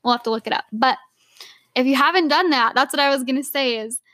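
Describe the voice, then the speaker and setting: A young woman co-hosting a podcast, chatting casually and laughing easily as she fills her talk with "like". Her voice sits fairly high, and the sound is dry and close with almost no room. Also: fast talker, bright, forceful tone, dry recording. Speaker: podcast co-host. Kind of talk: casual chat.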